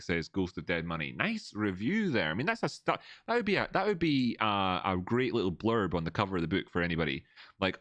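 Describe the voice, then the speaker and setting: Rambling man, deep and dry. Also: sing-song, a little fast, a bit bright, dry recording. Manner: rambling, many restarts, reads chat aloud. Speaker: livestream host. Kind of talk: casual livestream chat. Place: old building, indoors.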